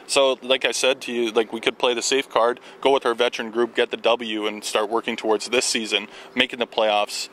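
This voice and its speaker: A man, a university football coach being interviewed outdoors, eager and halting with many restarts. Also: mid-range voice, flat delivery, fairly bright tone, slight background noise, low-quality recording. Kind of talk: sports interview. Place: outdoors at a ballpark.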